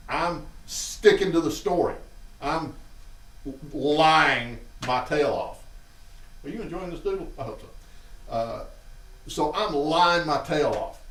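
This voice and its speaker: A man's voice: on the high side, expressive, slow, pauses often, fairly bright tone, distant mic. A man with a Southern Alabama accent hosts a show and casually tells childhood stories to a live chat. He acts out what his family members said. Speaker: host. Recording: roomy, off-mic sound.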